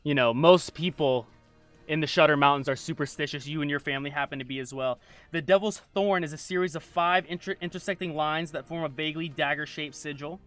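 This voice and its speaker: A man narrating as game master, reading scene descriptions aloud with halting restarts. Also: on the high side, steady tone, a bit bright, soft background music.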